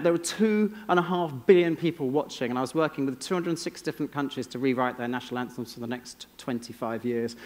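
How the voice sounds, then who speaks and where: English man, keynote speaker, dry self-mocking stories, slightly high voice, long hall echo. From England. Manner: wry, self-deprecating storytelling. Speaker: conference speaker. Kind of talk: keynote talk. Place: conference stage. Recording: long reverb of a large hall.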